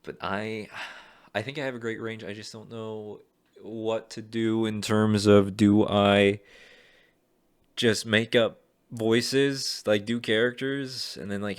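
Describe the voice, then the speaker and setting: A man who wants to be a voice actor, reading casting calls aloud and thinking out loud in an unsure, rambling way. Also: lowish voice, a little slow, smooth, dry recording, clean studio sound. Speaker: aspiring voice actor.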